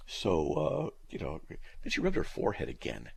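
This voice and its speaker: A man's voice: deep voice, wildly swooping pitch, moderate pace, gravelly, slightly rough. A middle-aged man hosting a live call-in radio show, answering listener questions in a blunt, plain-spoken way with dry, teasing humor.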